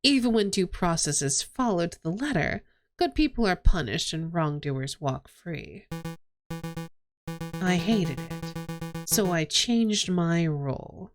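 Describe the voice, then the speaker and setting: A woman voicing a calm, principled male rooster prosecutor who speaks in a measured, formal way. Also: fairly low pitch, soft background music, voice pushed down. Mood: reflective.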